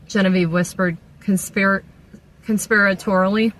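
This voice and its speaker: A woman reading a novel aloud at an even, steady pace, with a few small restarts. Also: fairly low pitch, normal speed, slight background noise, poor audio. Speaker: audiobook reader.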